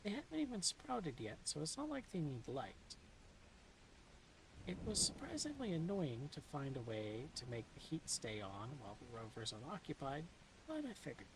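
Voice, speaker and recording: A woman reading a novel aloud in a soft-spoken ASMR style, slipping into whispers now and then, with dry, deadpan humor. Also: low-pitched, moderate pace, slight background noise, rough recording. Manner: soft, dips into whispers at times.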